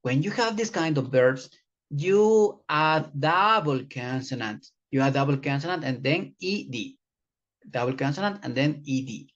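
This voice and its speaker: An English teacher walks through a grammar lesson at an unhurried, careful pace, repeating each example for the class. The sound is muffled and lo-fi. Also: mid-range voice, animated. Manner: repeats words slowly for learners, addresses class as guys. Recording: dull lo-fi recording.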